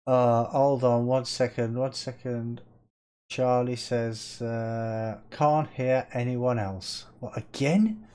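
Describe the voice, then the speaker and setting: A man's voice: mid-range voice, steady tone, takes it slowly, dark tone, clean tone. A man with a Birmingham accent streaming a game live, chatting casually with viewers, reading their messages aloud and laughing often. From Birmingham, England.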